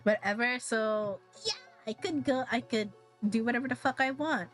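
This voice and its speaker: A woman's voice: a little high, normal speed, a bit bright, soft background music. A young woman from the Philippines chatting casually on her stream, rambling, swearing a lot and laughing often. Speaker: VTuber streamer.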